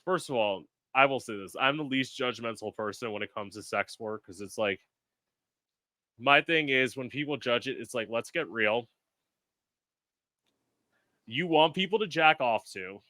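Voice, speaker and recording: A man's voice: medium pitch, expressive, moderate pace, pauses often, pushed and bright, dry recording, clean studio sound. A man hosting a casual podcast chat, blunt and profane, acting out quotes as he talks. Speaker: podcast host.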